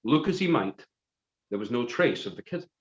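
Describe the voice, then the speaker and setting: A man's voice: medium pitch, expressive, a little fast. A man narrating a comic story in a mock-dramatic way. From Scotland. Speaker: musician reading a story on a live stream. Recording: roomy, dull live stream audio.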